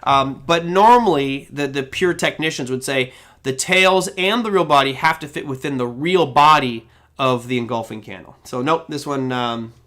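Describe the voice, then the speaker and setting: A middle-aged man hosts a live trading Q&A, casually laying out his approach and reading viewer questions aloud as he goes. His medium-pitched voice moves at a normal speed and sounds pushed and bright.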